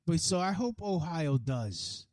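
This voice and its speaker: A man hosting his own podcast, delivering a profane, heated solo rant that swings from low mutters to loud outbursts. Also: big pitch swings, slow, no room sound. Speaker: podcast host. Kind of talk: ranting solo podcast monologue.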